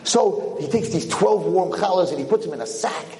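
A man telling a story in a lecture to a community, in an animated storytelling manner. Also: high voice, moderate pace. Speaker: rabbi lecturer. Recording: echoey hall.

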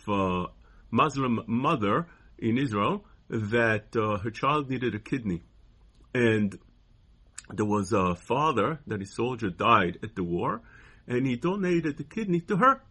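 A man giving a weekly Torah portion talk in a halting way, often repeating words and restarting. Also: mid-range voice, a bit bright, husky.

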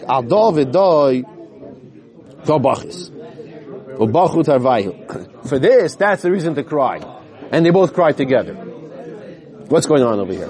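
A man teaching a Talmud class to listeners in a study hall. He reads the Aramaic text slowly, then explains it in plain English, sometimes losing his place and starting again. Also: mid-range voice, mellow. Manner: loses his place at times and restarts.

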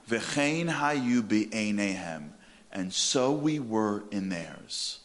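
A man giving a humorous sermon, animated and telling stories. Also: lowish voice. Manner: animated, comic, storytelling. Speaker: speaker.

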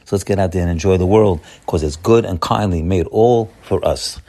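A man with a fairly low voice delivers a sermon to a congregation. He repeats and restarts his phrases and climbs to emphatic high points. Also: normal speed. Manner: animated, repetitive restarts, rising to emphatic peaks. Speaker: rabbi. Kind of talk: Torah sermon.

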